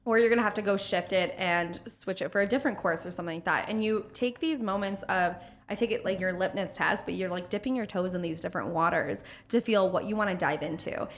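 A woman in casual podcast chat, animated and swearing freely, acting out little quotes as she talks. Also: mid-range voice, fast, few pauses.

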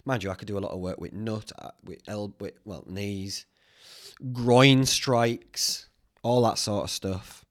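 A man's voice: lowish voice, measured pace, no echo, studio quality. A man hosting a podcast, rambling along in casual chat, joking at his own expense and swearing freely. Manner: chatty, self-mocking, swears freely. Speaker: podcast host.

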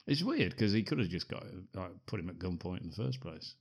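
Laughing man with a low voice. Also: sing-song, fairly quick, breathy edge. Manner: laughing, acts out lines in loud shouted bursts. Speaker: podcast co-host. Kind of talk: casual film chat.

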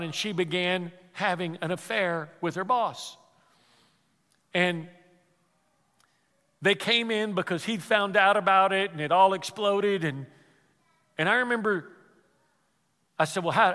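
A man preaching as pastor, telling a story with repeated words and dropping to a hush for emotional quotes. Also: high voice, long reverb tail. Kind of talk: sermon.

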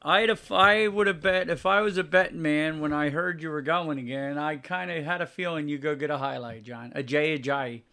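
A man's voice: on the high side, fairly even intonation, normal speed, creaky, hardly any pauses, pushed and bright. A man hosting a podcast in a teasing, casual chat with his co-host. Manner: jokey, teasing, sings snippets.

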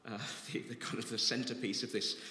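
A man's voice: fairly low pitch, level tone, brisk, pushed and bright. A man preaching a sermon as pastor, earnest and reflective, rising to passionate emphasis. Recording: echoey hall with long reverb.

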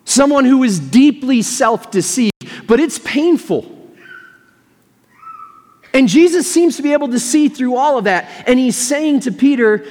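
A man's voice: very high-pitched, expressive, moderate pace, darkish tone, long reverb tail. A male pastor preaching a sermon, reading scripture aloud and then reflecting on it in a conversational way.

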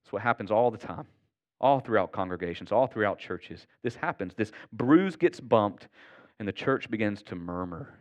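Pastor guy preaching, low-ish voice, chatty and earnest, keeps asking right? okay?, kinda dull recording. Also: animated, moderate pace. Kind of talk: sermon.

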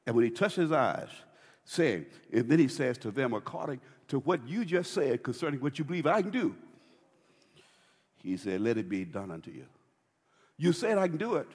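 A man preaching a sermon as pastor, swinging between loud and hushed with dramatic pauses. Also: a little high, slightly rough, big-room sound.

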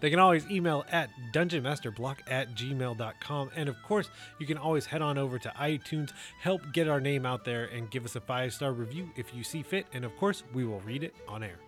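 A man's voice: medium pitch, a little fast, hardly any pauses, fairly bright tone, faint music behind. A man co-hosting a tabletop gaming podcast, casually and earnestly giving advice. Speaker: podcast co-host.

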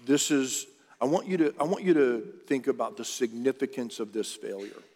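A man's voice: mid-range voice, lively intonation, normal speed, darkish tone. A man preaching a sermon, in a conversational, earnest style that often restarts and talks straight to the congregation. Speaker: pastor. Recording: long reverb of a large hall.

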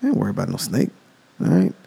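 A man's voice: lowish voice, huge pitch swings, fast talker, gravelly, mellow, husky, exaggerated voice. A man voicing a brash, street-talking monk in a spoken parable, swaggering and cursing.

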